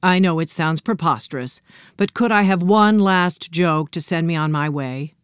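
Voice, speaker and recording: A woman's voice: on the low side, moderate pace, smooth, dry recording, clean studio sound, natural voice. A woman voicing a dignified, polite male pig with a formal, ceremonious manner in a storybook.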